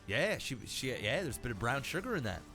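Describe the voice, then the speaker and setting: A man's voice: mid-range voice, fairly quick, soft background music. A man casting a strategy video game in casual commentary, telling stories with a lot of swearing. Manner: animated storyteller, swears freely. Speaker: game caster.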